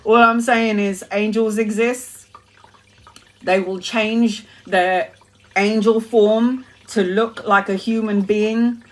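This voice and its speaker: A woman from Brazil, a tarot reader, telling a story on a live stream with a lively, laughing and swearing manner. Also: medium pitch, slow pace.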